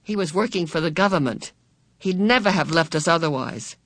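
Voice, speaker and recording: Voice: mid-range voice, lively intonation, brisk, a bit bright, no echo, close to an everyday voice. A narrator voicing an impatient, brave young girl who talks in an urgent, pleading way. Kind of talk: audiobook character voice.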